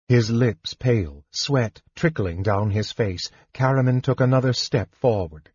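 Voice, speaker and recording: A man reading a fantasy audiobook in a measured, dramatic narration. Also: medium pitch, darkish tone, husky, no echo, highs cut off.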